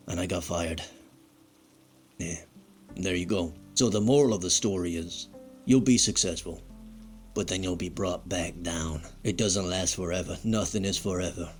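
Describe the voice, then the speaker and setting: A man's voice: low voice, normal speed, soft background music, lightly acted. A man playing a crude, bitter fired wrestler who rambles and swears in a comedic monologue. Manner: foul-mouthed, rambling, self-pitying.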